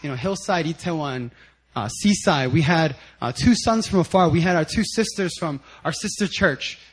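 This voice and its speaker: A man preaching a sermon with personal stories, animated, sometimes shouting out quotes and laughing as he tells them. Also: a little high, moderate pace, slightly rough, rough recording. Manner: animated storytelling, acts out quotes loudly and laughs. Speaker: guest speaker at a church service.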